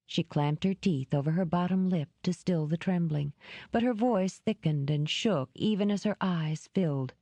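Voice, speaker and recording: A woman reading a romance novel aloud in a measured, even narration. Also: lowish voice, dry recording. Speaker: audiobook narrator. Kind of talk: scripted narration.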